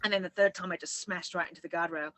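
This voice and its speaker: A woman's voice: fairly low pitch, steady tone, fast, a bit bright, low-quality recording. A woman co-hosting a casual chat, rambling and laughing as she tells her story. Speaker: co-host.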